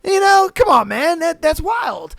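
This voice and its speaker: A man's voice: extremely high pitch, sing-song, unhurried, creaky, fairly bright tone, no room sound, studio quality. A man hosting a podcast, reading stories aloud and reacting with slangy, laughing commentary. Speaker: podcast host.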